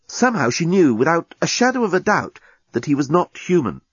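A man narrating an audiobook in a lively, theatrical storytelling manner. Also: fairly high pitch, fairly quick, breathy edge, dry recording, muffled recording.

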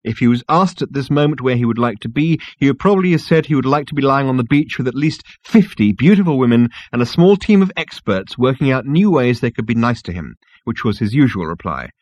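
A man narrating a comic audiobook in a wry, expressive storytelling manner. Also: medium pitch, a little fast, hardly any pauses, dry recording, dull audio.

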